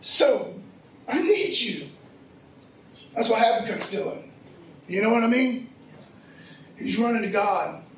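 A man's voice: sits high, measured pace, pauses often, slight background noise. A middle-aged man preaching a sermon, telling a personal story in a loose, slangy, conversational way. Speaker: pastor. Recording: echoey room from far off.

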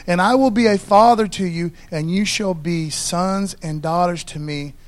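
A man's voice: high voice, normal speed. A man preaching a sermon in a loose, conversational way, often checking in with the congregation. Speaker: pastor.

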